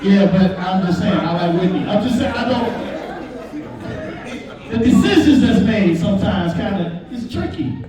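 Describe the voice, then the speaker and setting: High-voiced guy doing standup, animated, bit far from the mic, big crowd laughing. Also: normal speed, heavy reverb. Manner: animated, talks straight to the crowd. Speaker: stand-up comedian. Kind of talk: stand-up comedy set. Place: live comedy club with audience. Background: audience laughter.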